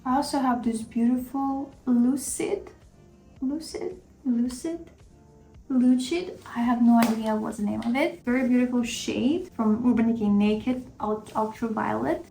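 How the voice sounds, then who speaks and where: A woman's voice: a little high, dark tone. A woman talking through her makeup as a vlogger, chatty and rambling, with self-critical asides. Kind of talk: casual makeup tutorial commentary. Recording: echoey room.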